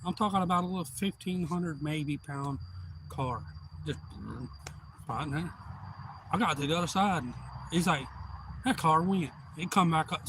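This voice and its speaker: A middle-aged man with a drawl rambles through a long story on a live stream, cussing freely and circling back on himself. His voice sits a little higher than most men's. A faint hum runs underneath. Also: fairly bright tone. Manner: profane, meandering, folksy.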